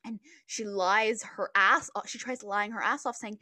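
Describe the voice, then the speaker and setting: A woman's voice: mid-range voice, steady tone, a little slow, hardly any pauses, bright, forceful tone, dry recording, studio quality. A woman co-hosting a podcast, casually retelling things in a rambling way with lots of fillers and restarts. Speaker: podcast co-host. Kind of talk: casual book chat.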